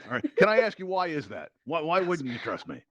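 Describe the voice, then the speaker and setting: Fast-talking teasing male game show host. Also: on the high side, huge pitch swings, no room sound, dull audio. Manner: playful, teasing banter with contestants. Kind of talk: hosting a live virtual reality game show.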